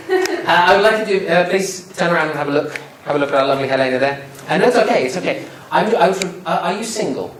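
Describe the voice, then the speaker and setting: Playful male trainer in a roomy hall. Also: medium pitch. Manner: playful, joking, quizzes the audience. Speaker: public speaking trainer. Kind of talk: live presentation to an audience. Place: lecture room with a live audience. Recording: roomy hall sound, faint noise.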